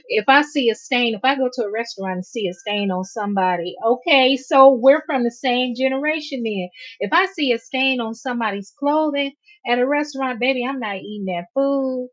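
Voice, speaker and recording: A woman's voice: high-pitched, normal speed, dull audio. Emphatic woman in her fifties, candid. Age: 50s. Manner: candid, emphatic, laughs often while talking. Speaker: livestream host. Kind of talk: casual livestream talk reading chat.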